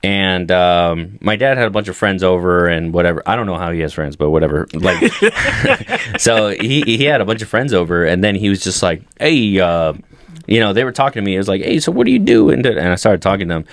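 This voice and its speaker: A man in his thirties trades swear-laden stories on a comedy podcast, his pitch bouncing high and low as he acts out every line. The sound is close and dry, with no room around it. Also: animated, brisk, fairly bright tone, no room sound. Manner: crude, joking storyteller, swears a lot. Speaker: podcast co-host. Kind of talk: casual comedy podcast banter.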